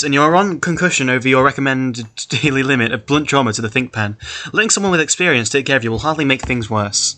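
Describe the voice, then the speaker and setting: A man's voice: mid-range voice, pushed and bright. A man casually reading a story aloud and stopping often to comment on it. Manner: chatty, laughs often, comments between passages. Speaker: reader of an online story.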